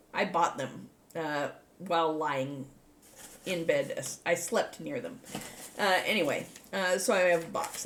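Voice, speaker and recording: A woman vlogger telling a long, meandering story in casual chat, with many asides and restarts and sudden bursts of excitement. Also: on the low side.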